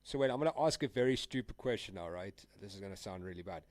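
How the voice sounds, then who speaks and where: A man's voice: sits low, lively intonation, fast, darkish tone, no room sound. Dude rambling on his stream, slangy, laughs a lot, dry close mic. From South Africa. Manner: laid-back, rambling, slangy, laughs often. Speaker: trading livestreamer. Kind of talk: casual live-stream chat.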